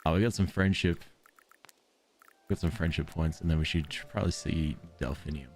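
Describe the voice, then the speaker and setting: An Australian man streams a game, chatting casually and wandering off into rambling, tangent-filled stories. His voice is a low rumble and his pace brisk, with faint music behind him.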